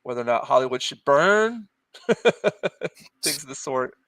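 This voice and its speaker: A man's voice: mid-range voice, expressive, fairly quick, fairly bright tone, dry recording. A middle-aged man hosting a live art stream, chatting casually and hesitantly with fillers while he draws. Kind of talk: casual chat while drawing.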